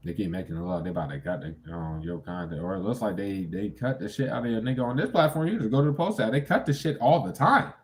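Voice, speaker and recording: A man's voice: on the low side, quick pace, few pauses, a little hiss or hum. A young man giving a casual tarot reading, talking bluntly and with heavy profanity, breaking into sudden incredulous outbursts. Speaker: tarot reader.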